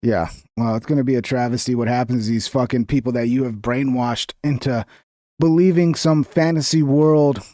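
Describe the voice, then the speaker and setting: A man's voice: mid-range voice, fairly even intonation, moderate pace, dark tone, no room sound, studio quality. A man giving casual live-stream commentary on news clips, crude, swearing and mocking.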